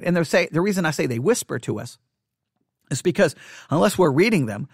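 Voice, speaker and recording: A male pastor teaching catechesis in sermon style, emphatic and repetitive, hushing his voice for quoted thoughts. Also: high-pitched, animated, brisk, husky, dry recording, studio quality.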